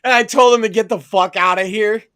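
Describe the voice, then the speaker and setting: Male podcast co-host, crude and brash, high register, loves mocking impressions. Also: steady tone, a little fast, sharp tone, smooth. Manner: brash, profane, mocking mimicry. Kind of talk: crude comedic podcast banter.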